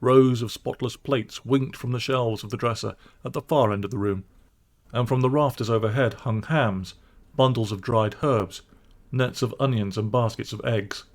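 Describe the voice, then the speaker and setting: Calm man reading a storybook. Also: medium pitch, moderate pace. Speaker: audiobook narrator. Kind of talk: storybook narration.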